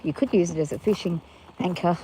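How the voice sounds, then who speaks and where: A woman's voice: lowish voice, brisk, low-quality recording. Tired, anxious woman outdoors. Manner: anxious, talking herself through it. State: exhausted and overheated. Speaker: farm vlogger. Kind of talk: casual self-filmed chat while walking. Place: outdoors on hot rough ground. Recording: loud outdoor background noise.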